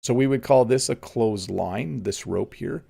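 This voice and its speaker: A man, teaching English in a relaxed live-streamed lesson. He thinks aloud, with frequent ums. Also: mid-range voice, normal speed, vocal fry, breathy edge. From Canada.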